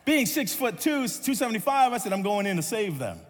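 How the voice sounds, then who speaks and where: A man preaching a sermon, telling a personal story in an animated way and acting out voices before settling into a hushed close. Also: sits high, fairly quick. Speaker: pastor. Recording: long hall reverb.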